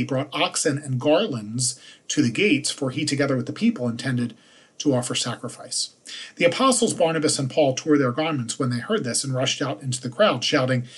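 A man, a priest, reading the day's scripture passages aloud in a measured liturgical manner. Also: mid-range voice, breathy edge.

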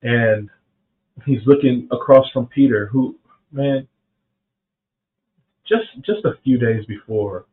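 Speaking slowly with long pauses, this podcast host has a medium-pitched voice and fairly even intonation. He's a middle-aged man from South Carolina offering reflective faith talk, earnest and casual, with frequent "man"s and restarted sentences, all over phone-like narrow-band audio.

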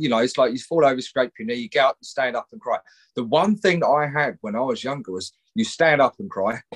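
A man's voice: mid-range voice, fairly bright tone, breathy edge. A man, a mental health counsellor, speaking as a guest in a candid podcast conversation, rambling and swearing freely.

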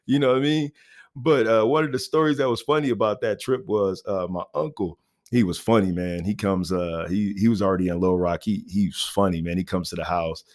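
A man with a deep voice and a brisk delivery tells a personal story in a laid-back, rambling way. He fills it with fillers and lots of "you know what I mean."

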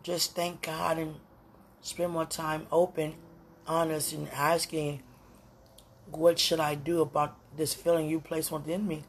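A podcast host speaking aloud to God and a loved one in an emotional, pleading personal monologue, drifting from soft murmurs to loud declarations. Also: mid-range voice, flat delivery, measured pace, a little hiss or hum.

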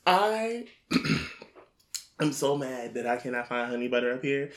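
An excitable co-host with who jumps into a casual chat with quick interjections. The voice is lively and animated in pitch. It sits in a noticeably echoey room. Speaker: podcast co-host.

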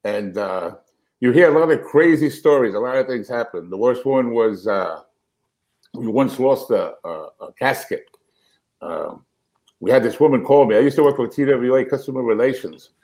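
Middle-aged male comedian guest, lively storyteller with a swinging, expressive pitch. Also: moderate pace, poor audio. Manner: animated, acts out quotes. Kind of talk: storytelling anecdote.

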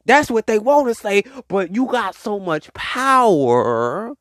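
A spiritual speaker preaches a rambling, slangy pep talk, with the voice swooping up and down in animated emphasis. The voice-message recording is close and dry, with no room sound. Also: medium pitch, slow, few pauses, dry recording.

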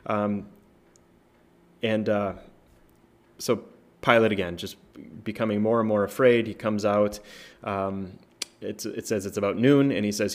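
A man's voice: fairly low pitch, steady tone, unhurried, pauses often. A man speaking as a pastor, walking through a Bible passage in a loose, conversational way, full of fillers and tag questions. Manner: prays softly at the close. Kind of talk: informal Bible teaching.

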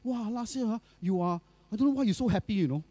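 Guy doing a wowed lady business partner, squeaky high. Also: quick pace, dark tone. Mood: amazed. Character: cheerful female business partner, amazed.

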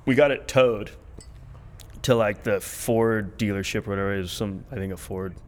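A man's voice: lowish voice, normal speed. A man guest on a podcast, telling a long story in a laid-back, rambling way, full of likes and ums. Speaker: podcast guest, harmonica player. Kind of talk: casual storytelling chat.

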